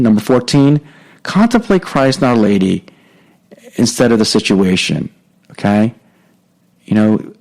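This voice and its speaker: A middle-aged man hosting a podcast, giving a casual, halting talk on faith with many fillers and restarts. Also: medium pitch, darkish tone, poor audio. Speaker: podcast host. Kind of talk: spoken teaching on faith.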